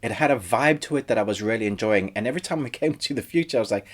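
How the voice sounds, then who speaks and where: A man's voice: lowish voice, animated, very fast, few pauses. A man hosting his own series review channel, talking casually and thinking aloud as he goes. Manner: chatty and conversational, thinks aloud. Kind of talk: casual spoken film review.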